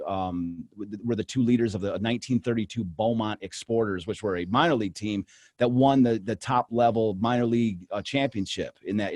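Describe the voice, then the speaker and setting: A man's voice: medium pitch, a little mellow, dry recording, clean studio sound. A man co-hosting a casual podcast, telling history in a rambling, enthusiastic way with many restarts. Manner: enthusiastic storyteller. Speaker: podcast co-host and history researcher.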